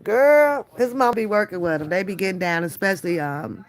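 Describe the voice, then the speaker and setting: A woman's voice: fairly low pitch, lively intonation, fast. An older woman hosting a reaction stream, trading blunt, profane trash talk and then cooing at her toddler grandson. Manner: switches to doting baby talk with a toddler. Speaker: reaction channel host. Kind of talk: casual livestream commentary.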